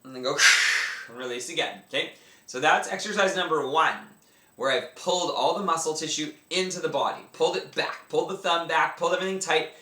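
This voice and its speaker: A man's voice: on the high side, brisk, bright, forceful tone. A man teaching yoga breathing exercises in a casual, enthusiastic way, talking through each movement as he does it. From Canada. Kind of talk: instructional talk. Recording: echoey room, mic at a distance.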